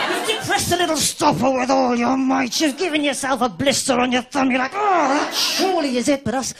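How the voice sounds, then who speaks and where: A woman's voice: sits high, moderate pace, vocal fry. An English woman in her forties doing a stand-up comedy routine, chatty and wry, talking straight to the audience from the stage. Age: 40s. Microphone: stage microphone. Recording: live club recording with loud crowd. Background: loud audience laughter and crowd noise.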